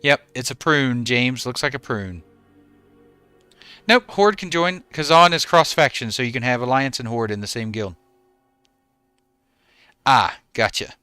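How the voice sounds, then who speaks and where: Chatty streamer guy in his 40s, bright smooth voice, dry sound, reading chat names out. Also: medium pitch, expressive, measured pace, pauses often, no room sound, faint music behind. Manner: chatty, answers chat by name. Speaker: game streamer. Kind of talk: casual chat with stream viewers.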